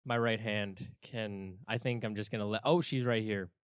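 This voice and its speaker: Low-voiced young man, dry and sarcastic. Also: fairly even intonation, clean tone, no echo, dull audio. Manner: dry, sarcastic, quick to laugh. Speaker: podcast co-host. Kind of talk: casual chat.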